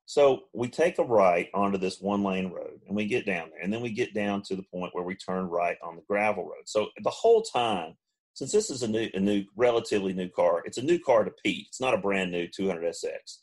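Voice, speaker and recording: Lively husky-voiced man telling a story. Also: fairly quick. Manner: animated, mimics friends in high voices. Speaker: podcast co-host. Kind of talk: casual storytelling.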